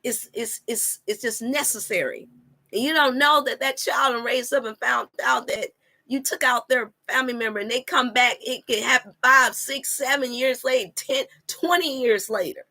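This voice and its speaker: A woman speaks to her online viewers in a fairly high, bright voice. She preaches with emphatic repetition and scripture references, addressing the audience as "you all.". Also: normal speed. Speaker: wellness coach and channel host. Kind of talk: live-stream preaching talk.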